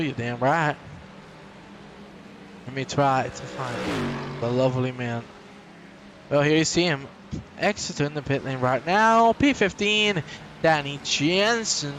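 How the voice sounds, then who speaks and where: Man, sim racing commentator, slightly high voice, energetic, joking banter, faint background hiss. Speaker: race commentator.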